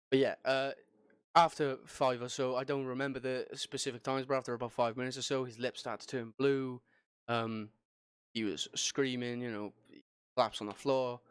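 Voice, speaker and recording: A man's voice: medium pitch, smooth, dry recording, clean studio sound. A young man hosting a podcast, recounting a personal story in a rambling way, with many fillers and restarts. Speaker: podcast host.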